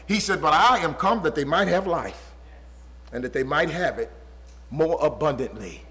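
A pastor preaching a sermon with an emphatic, repetitive cadence, often dropping low and quiet for stress. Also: male voice, lively intonation, normal speed, poor audio.

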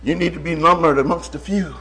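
A man preaching a sermon, swinging between shouts and hushed tones and calling out to the congregation as brother. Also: fairly high pitch, fairly even intonation, fast talker, husky.

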